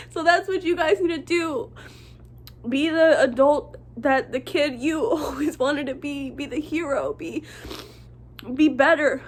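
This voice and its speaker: A woman with a high voice talks to her viewers in an earnest, heartfelt monologue. Her delivery is casual and emotional. It swings between hushed and forceful. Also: normal speed, a little hiss or hum. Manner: earnest and impassioned, casual and profane. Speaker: vlogger. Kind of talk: heartfelt direct-to-camera monologue.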